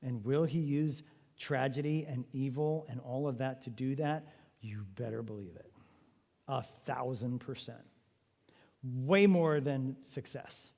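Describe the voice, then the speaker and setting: Male church seminar teacher, mid-pitched, conversational and emphatic, with a lingering hall reverb. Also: unhurried, vocal fry, darkish tone. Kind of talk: apologetics seminar lecture. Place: church meeting room.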